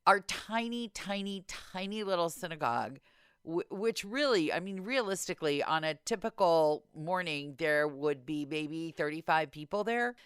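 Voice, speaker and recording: A woman hosting a podcast in casual chat, telling stories in an animated, exasperated way. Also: fairly low pitch, moderate pace, clear, resonant tone, no room sound, clean studio sound. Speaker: podcast host.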